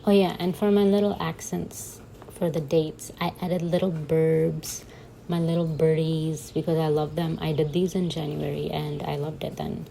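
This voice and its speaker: A woman's voice: sits low, little pitch movement, normal speed, gravelly, dark tone, a little hiss or hum, low-quality recording. A young woman chatting casually in a voice-over while she sets up her journal, giggling and joking at herself as she goes. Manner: chatty and giggly, self-mocking asides. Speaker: bullet journal vlogger.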